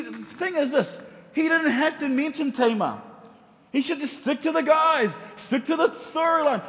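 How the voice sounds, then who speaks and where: High-voiced animated male preacher. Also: moderate pace, long reverb tail. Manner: animated, humorous storytelling with rhetorical questions. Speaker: pastor. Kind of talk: sermon. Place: church.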